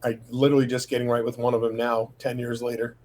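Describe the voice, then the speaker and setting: A man's voice: medium pitch, little pitch movement, quick pace, a little mellow, rough recording. A middle-aged man sharing a personal testimony from his home office, talking in a rambling, casual way with many fillers and quoted dialogue.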